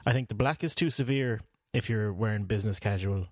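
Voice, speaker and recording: A man's voice: on the low side, brisk, no room sound. A man co-hosting a podcast in casual chat, rambling with lots of fillers and restarts. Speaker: podcast co-host.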